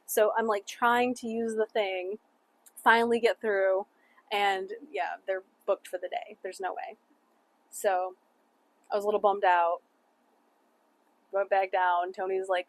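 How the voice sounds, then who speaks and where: A young woman tells a travel story in a loose, chatty way. She leans on "like" and "you know", laughs often and swears without thinking. Her voice sits at an ordinary middle pitch for a woman. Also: fairly even intonation, moderate pace, long pauses. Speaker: travel vlogger. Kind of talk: casual storytime vlog.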